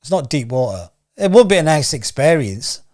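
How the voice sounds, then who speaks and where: Chatty man, slightly high voice. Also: big pitch swings, normal speed, darkish tone. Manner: rambling, questioning, repeats rhetorical questions. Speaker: news commentary channel host. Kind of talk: casual opinion commentary to camera.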